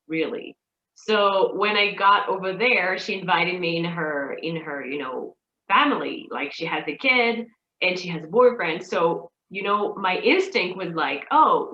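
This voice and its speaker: Woman, interview host, animated, laughs a lot, dull muffled lo-fi audio. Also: lowish voice, measured pace. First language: French. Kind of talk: casual interview. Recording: roomy, dull lo-fi sound.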